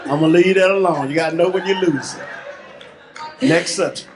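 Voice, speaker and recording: A man's voice: sits high, normal speed, music in the background. A man co-presenting a marriage seminar, jumping in with teasing jokes and playful banter. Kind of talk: joking banter in a live seminar.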